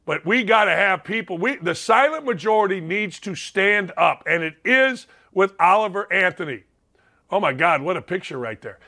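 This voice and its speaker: High, bright-voiced fired-up male host. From Indiana. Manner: blunt, fired up, repeats phrases for emphasis. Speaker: sports radio host. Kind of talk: opinionated talk show monologue.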